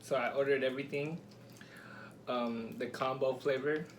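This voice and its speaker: A man's voice: mid-range voice, fairly even intonation, moderate pace, a little hiss or hum. A man co-hosting a mukbang with his partner, talking casually and hesitantly with many ums. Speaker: co-host partner. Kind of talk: casual chat while eating.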